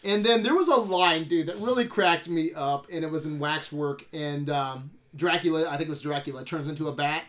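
A man's voice: fairly high pitch, fairly even intonation, fairly bright tone. A man hosting a casual movie podcast, laughing often and swearing freely. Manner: laughing, swearing, quick asides. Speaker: podcast host. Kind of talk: casual chat.

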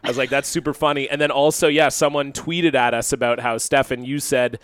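A man's voice: medium pitch, steady tone, brisk, a bit bright, smooth, no room sound. A man from Canada co-hosting a podcast, rambling and sarcastic in a casual chat. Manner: rambling, sarcastic, restarts often. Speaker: podcast co-host.

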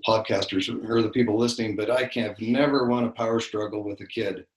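A man's voice: on the low side, steady tone, brisk, roomy sound, poor audio. An older man co-hosting a casual faith podcast, telling stories in a rambling way with many restarts and fillers. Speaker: podcast co-host.

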